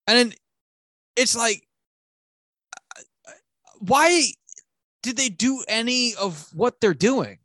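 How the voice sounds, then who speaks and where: Male podcast co-host, lively swinging delivery, rambling and profane, dry sound. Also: very high voice, slow pace, long pauses, no room sound. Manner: rambling, profane, animated retelling. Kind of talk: casual movie review chat.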